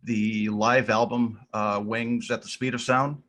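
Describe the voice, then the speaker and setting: A man's voice: fairly low pitch, little pitch movement, unhurried, fairly bright tone. A middle-aged man with a Boston accent, chatting on a podcast and thinking aloud with lots of ums. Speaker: podcast co-host. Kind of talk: casual chat about music.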